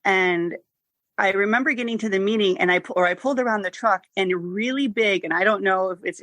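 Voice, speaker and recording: A woman's voice: medium pitch, a bit bright, dry recording. Woman sharing a story, dry close sound. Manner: storytelling, laughs at herself. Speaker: recovery meeting member. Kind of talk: casual sharing. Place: online meeting.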